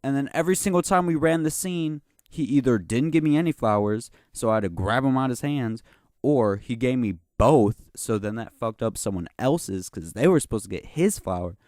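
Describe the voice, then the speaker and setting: With a medium-pitched, expressive and slightly mellow voice at a moderate pace, this young podcast host tells a boastful, rambling story full of slang and profanity, repeatedly returning to "you know what I'm saying." The studio sound is clean with no room sound.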